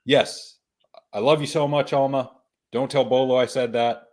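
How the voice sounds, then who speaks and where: A man's voice: medium pitch, fairly even intonation, moderate pace. A male podcast host in casual chat. He jokes, laughs often and repeats himself as he steers the show.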